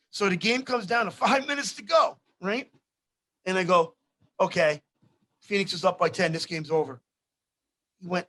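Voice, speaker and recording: A man, hosting a sports show and telling casual stories, acting out the people he quotes. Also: high-pitched. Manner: animated, acts out quotes in other voices. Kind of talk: casual storytelling.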